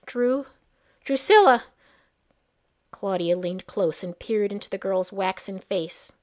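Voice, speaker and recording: A woman narrating a fantasy story in a measured storytelling manner. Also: mid-range voice, little pitch movement, warm tone.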